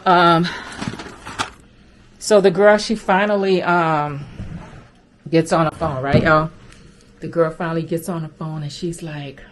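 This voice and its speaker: A woman's voice: sits low, slight background noise. A woman from Haiti who works as a recruiter, casually telling viewers a story with an amused, chatty manner and frequent asides. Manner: animated, amused storytelling with many "right, y'all?" asides. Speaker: remote-work recruiter and vlogger.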